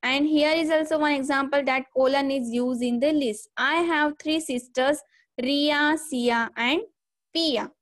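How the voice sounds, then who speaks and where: A woman's voice: high-pitched, steady tone, a little slow. A woman teaching a grammar lesson, explaining step by step and saying "okay" again and again. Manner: repeats "okay" and "see here" often, explains step by step.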